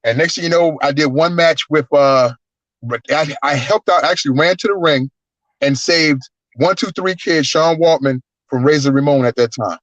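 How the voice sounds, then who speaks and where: A man's voice: fairly high pitch, moderate pace, no echo. Guy spinning wild wrestling yarns, swears a lot, dull dry lo-fi sound. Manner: animated, profane, acts out voices in his stories. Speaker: guest wrestler. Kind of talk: casual storytelling.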